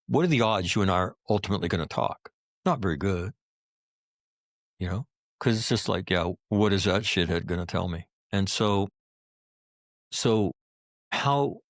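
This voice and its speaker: A man's voice: lowish voice, no room sound, studio quality. A middle-aged man, a Marine combat veteran, telling stories in a podcast interview, blunt and profane, hammering his points home with repeated phrases. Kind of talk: candid podcast interview storytelling.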